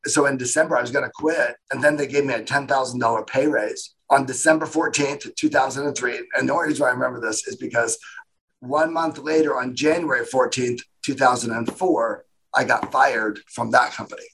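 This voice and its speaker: A man, a guest in a casual interview, telling his story in a rambling, animated way and acting out what other people said. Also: medium pitch, fairly quick, husky, poor audio. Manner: rambling, animated retelling with quoted voices.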